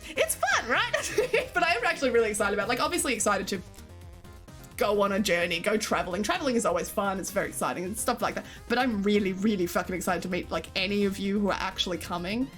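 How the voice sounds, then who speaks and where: A woman's voice: medium pitch, animated, fast talker, a bit bright, soft background music. A young Australian woman streaming, chatting loosely with her chat, swearing freely and laughing often. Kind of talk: casual chat with live chat.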